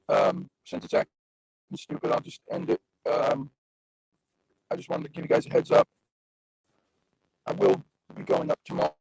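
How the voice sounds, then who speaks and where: A man with a raspy voice hosting a casual livestream, chatting loosely and directly to his viewers over a phone. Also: low-pitched, darkish tone, no room sound, low-quality recording. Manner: rambling, chatty, talks straight to viewers. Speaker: livestream host.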